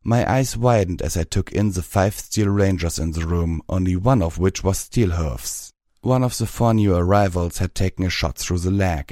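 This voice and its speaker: A man with a low, deep voice reading a story aloud at a steady, measured pace. The recording is dry and close to the mic, with no room sound. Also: no room sound. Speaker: narrator. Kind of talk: audiobook story narration.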